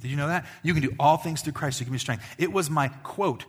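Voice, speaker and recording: A male pastor giving a conversational sermon, building to emphatic peaks and dropping to quiet asides. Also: on the high side, fast, husky.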